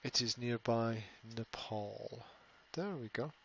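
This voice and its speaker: A man's voice: medium pitch, slow pace, gravelly, a bit bright, dull audio, slight background noise. A man hosting a casual live stream, rambling, often repeating words and reading out viewer comments. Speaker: language school host answering live chat.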